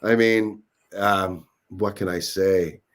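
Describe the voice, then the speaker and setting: A man's voice: deep voice, fairly even intonation, slow pace. A man co-hosting a casual movie review chat, joking and laughing often. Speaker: host.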